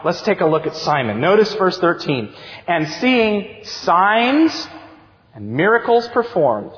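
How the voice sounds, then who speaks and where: A man in his thirties preaching a sermon as youth director, telling stories with animated, acted-out voices, heard in a church sanctuary. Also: sits high, a little hiss or hum. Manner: animated storytelling, acts out excited voices. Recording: dull sound with long church reverb.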